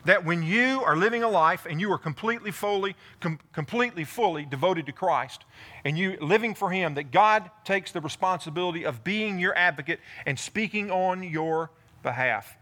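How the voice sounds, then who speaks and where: Male pastor, sermon delivery, bright and a touch high-pitched, animated storytelling. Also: normal speed. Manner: animated preaching, voicing David in first person. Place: church in front of a congregation.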